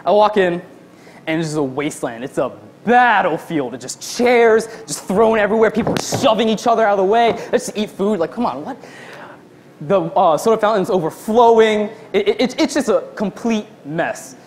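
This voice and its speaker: A young man does a stand-up routine, spinning a long workplace story and acting out the people in it, voicing their quotes in his own voice. His voice sits high, and there's a little hiss or hum.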